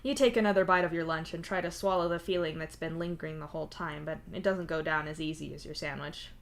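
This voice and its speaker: Brief: woman narrator, lowish voice, steady story reading. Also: quick pace. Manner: even second-person narration. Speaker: fanfiction reader. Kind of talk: audiobook-style story reading.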